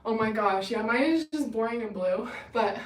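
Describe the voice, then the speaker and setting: A woman's voice: fairly high pitch, expressive, moderate pace, recorded from a distance. Bubbly young woman chatting on a livestream. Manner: bubbly, gushing, chatty with viewers. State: winded from running. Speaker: livestream host. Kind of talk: casual livestream chat. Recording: echoey room, away from the mic.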